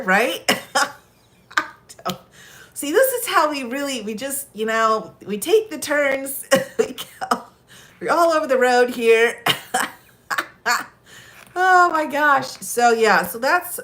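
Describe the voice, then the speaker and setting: A woman's voice: a little high, fairly bright tone. A woman chatting casually on a live stream, telling stories and laughing often. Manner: giggly, chatty, lots of laughter.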